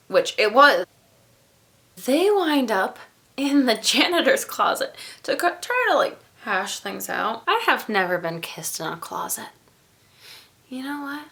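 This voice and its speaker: A young woman talks through a book review in a loose, rambling way, tossing in jokey asides. Her voice is bright and lively and swoops up and down as she goes. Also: fairly high pitch. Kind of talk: casual book review vlog.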